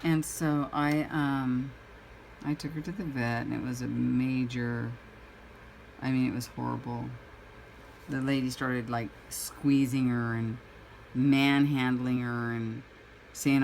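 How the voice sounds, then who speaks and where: A woman's voice: very deep voice, fairly even intonation, slow pace, gravelly, a little mellow, slight background noise, rough recording. A woman chatting casually while painting at home, a rambling storyteller who acts out her own reactions. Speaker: crafting vlogger.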